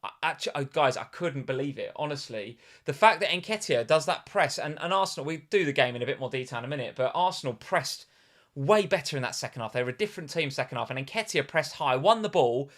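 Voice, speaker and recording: Excitable man on a live stream. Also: fairly high pitch, fast talker. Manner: animated, exclaims and repeats himself. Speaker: podcast co-host. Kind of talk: live stream chat about fantasy football.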